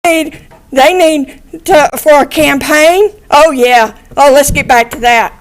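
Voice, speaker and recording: A woman's voice: sits high, slow pace. A middle-aged woman giving a raw, angry victim impact statement in a courtroom, blunt and swearing, repeating herself and at times near tears.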